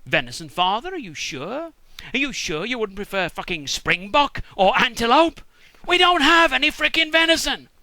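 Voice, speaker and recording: A man's voice: fairly high pitch, huge pitch swings, fairly quick, sharp tone, dry recording, exaggerated voice. A British man voicing a grumpy, sarcastic hunter son who grumbles at his father. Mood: indignant.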